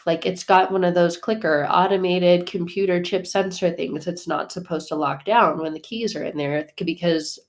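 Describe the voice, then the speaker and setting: A woman host telling a personal story in a casual, animated way, full of fillers, swinging from hushed asides to loud bursts. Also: fairly low pitch, normal speed, hardly any pauses. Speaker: podcast host.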